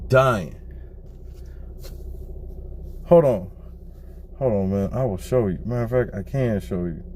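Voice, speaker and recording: A man's voice: a little high, mellow, a little hiss or hum. A man co-hosting a podcast, telling a story in casual, profane chat and laughing often, talking from a car. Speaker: podcast co-host.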